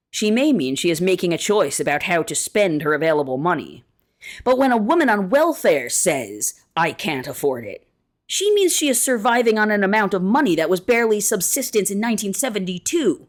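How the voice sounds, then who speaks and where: A woman reading an essay aloud in a measured, deliberate way, slowing down to stress key words. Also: mid-range voice. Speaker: reader of an essay.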